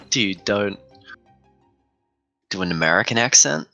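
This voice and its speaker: Man, young adult, slightly low pitch, bright tone, casual joking speedrun commentary. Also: normal speed, pauses often, rough recording. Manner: joking, rambling, reads chat aloud. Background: faint game music.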